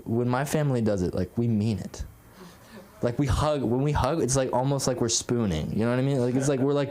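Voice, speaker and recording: A man's voice: medium pitch, dark tone. Rambling young man doing stand-up. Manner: rambling, filler-heavy and self-deprecating. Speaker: stand-up comic. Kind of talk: stand-up set at an open mic. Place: comedy club stage.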